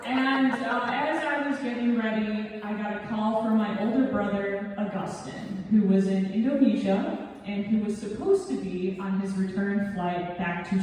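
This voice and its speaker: A woman's voice: mid-range voice, darkish tone, far from the mic. A young woman telling a comic personal story on stage, with self-deprecating timing. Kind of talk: live storytelling performance. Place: theatre stage. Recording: echoey hall recorded from afar. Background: audience laughter.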